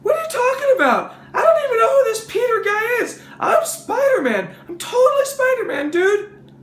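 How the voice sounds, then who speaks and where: A man voicing a goofy, eager teenage boy superhero in a high, excited, shouting voice. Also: moderate pace, reverberant, heavy background noise. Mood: insistent.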